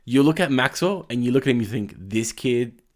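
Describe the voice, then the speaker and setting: A man's voice: medium pitch, expressive, brisk. A man, chatting casually as a podcast co-host, rambling and repeating words. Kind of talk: casual chat.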